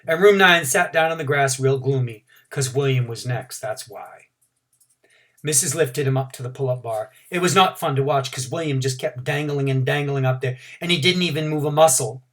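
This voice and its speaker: A man, a teacher, reading a children's storybook aloud in an animated, expressive way. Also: medium pitch, normal speed.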